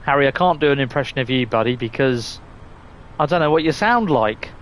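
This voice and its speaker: A man's voice: medium pitch, lively intonation, fairly quick. A man chatting casually and rambling through a live game stream, often restarting and swearing mildly. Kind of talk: casual live gameplay chat.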